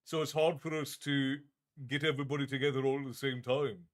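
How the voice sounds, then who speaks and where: Man, livestream host, tavern-keeper persona, casual chat, friendly, stumbling restarts, medium pitch. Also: little pitch movement, a little fast. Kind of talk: casual livestream chat, reading viewer comments aloud.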